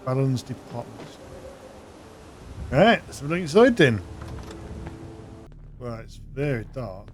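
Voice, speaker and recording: A man's voice: mid-range voice, sing-song, a little slow, pauses often, noisy background. A man giving casual, chatty gameplay commentary, thinking aloud as he plays. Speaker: gaming channel host.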